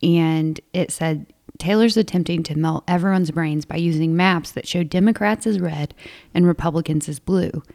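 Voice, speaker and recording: Gravelly-voiced female podcast co-host. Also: fairly low pitch, normal speed, a little mellow. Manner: teasing, wry, storytelling. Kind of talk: casual chat.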